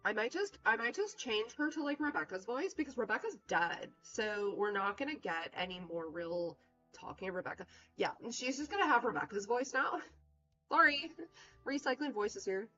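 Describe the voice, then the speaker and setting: A woman's voice: on the high side, lively intonation, normal speed, bright, forceful tone, muffled recording, soft background music. Woman thinking aloud over a game. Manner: chatty, self-mocking, thinks aloud. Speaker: streamer playing a detective game. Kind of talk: casual let's-play commentary.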